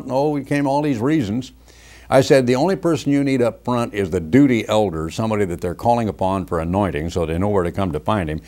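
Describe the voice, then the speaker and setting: A man's voice: mid-range voice, expressive, brisk, darkish tone. An older man preaching a conversational sermon from his home study, reading scripture and mocking the voices of others.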